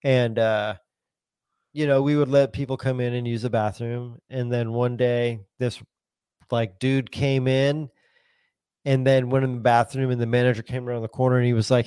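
A man's voice: medium pitch, flat delivery, a little fast, darkish tone, clean tone, dry recording. Brief: easygoing male co-host, laid-back anecdotes, dry close mic. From Southern California. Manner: laid-back storytelling, filler-heavy, swears casually. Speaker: podcast co-host. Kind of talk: casual chat.

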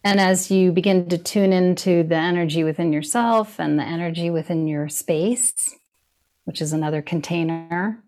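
A middle-aged woman with a somewhat low voice talks in a relaxed conversation. She is thoughtful and reflective, and laughs easily. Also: moderate pace. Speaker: guest. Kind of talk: casual conversation.

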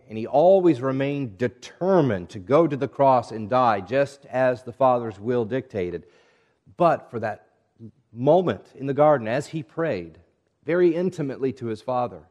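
A man preaching a sermon, reading scripture and speaking in a measured, earnest way that drops to hushed tones at times. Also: mid-range voice. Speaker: pastor.

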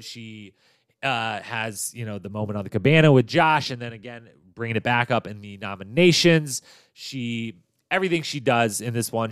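A man's voice: medium pitch, a bit bright, smooth, dry recording, studio quality. A man hosting a podcast, chatting casually through a recap of a TV episode in an upbeat, loose way with fillers and restarts. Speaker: podcast host.

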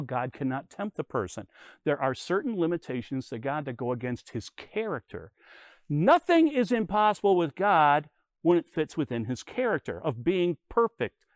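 A man's voice: on the high side, a little mellow, no room sound. An older man giving a conversational Bible lesson, telling stories and explaining with everyday comparisons. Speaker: Bible teacher.

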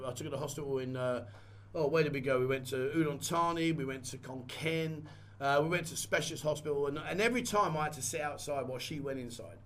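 A man's voice: on the high side, a bit bright, a little hiss or hum. A man vlogging a candid personal story in a rambling, conversational way and repeating phrases. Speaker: vlogger and photographer.

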